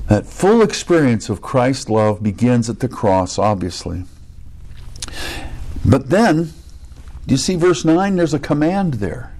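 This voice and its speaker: A man's voice: fairly high pitch, sing-song, unhurried, a little mellow. A male pastor preaching a sermon in a conversational way, with joking asides, restarts and rhetorical questions.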